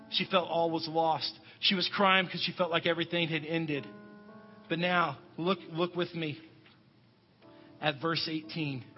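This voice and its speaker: Pastor, male, high voice, whispers softly then preaches loud; dull sound, long echo of the church, quiet music under. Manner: drops to soft whispers for quoted words, rises to loud emphatic preaching. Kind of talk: sermon. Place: church sanctuary.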